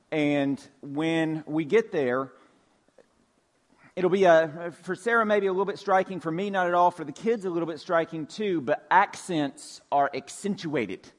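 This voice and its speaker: A man in his forties from Georgia, preaching a sermon as a pastor in a loose, conversational way with a light Southern accent. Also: on the high side. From Georgia, USA. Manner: conversational, folksy, with filler words and restarts. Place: church sanctuary.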